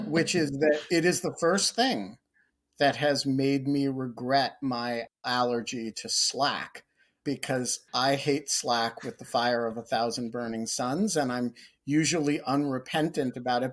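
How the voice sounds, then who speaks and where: A man's voice: mid-range voice, a bit bright. A man who is a former co-host and now a guest, telling wry stories in a casual chat. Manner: wry, storytelling.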